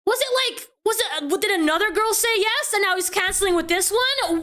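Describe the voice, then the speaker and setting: A woman's voice: very high voice, animated, moderate pace, few pauses, background noise. A woman VTuber giving reaction commentary, reading messages aloud and breaking in with exasperated, incredulous remarks.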